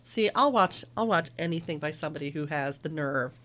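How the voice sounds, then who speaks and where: A woman's voice: low-pitched, animated, fairly quick, a bit bright. A middle-aged woman who teaches film, talking it over casually and thoughtfully and laughing easily. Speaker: film instructor and guest.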